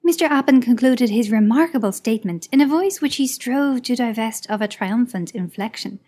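A woman narrating a classic short story as an audiobook in a measured, expressive reading. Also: fairly high pitch.

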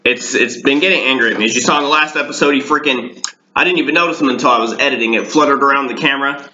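A man hosting a casual home cooking vlog, rambling and deadpan with dark jokes, talking in his kitchen. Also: mid-range voice, racing, a little hiss or hum. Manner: deadpan, darkly joking, rambling. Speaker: home cooking show host. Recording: echoey room, dull lo-fi sound.

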